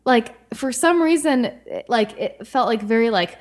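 A woman's voice: fairly high pitch, expressive, a little slow. A woman co-hosting a casual chat, giggly and talkative, with lots of filler words. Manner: chatty, filler-heavy, giggly.

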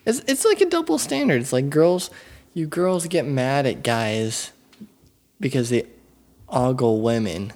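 A man's voice: medium pitch, animated, measured pace, a little mellow. A young man chatting casually with friends, blunt and opinionated. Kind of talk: casual chat.

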